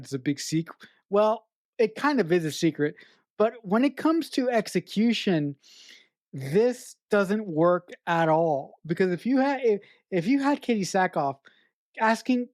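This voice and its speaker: A woman's voice: mid-range voice, a little mellow, dry recording. A woman co-hosting a podcast, picking apart a film in blunt, exasperated casual talk full of swearing. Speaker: podcast co-host. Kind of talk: casual film review chat.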